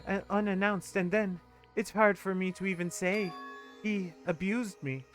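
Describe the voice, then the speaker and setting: A man reading out a young woman's dialogue from a game as she calmly confesses, in a plain and formal manner. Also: sits high, unhurried, faint music behind. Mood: pleading. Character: scheming young woman confessing, calm and polite.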